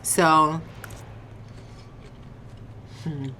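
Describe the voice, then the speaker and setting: A young woman telling a casual storytime on her vlog, animated and slangy, swearing and laughing often, eating on camera. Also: low voice, very slow, slight background noise. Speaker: vlogger.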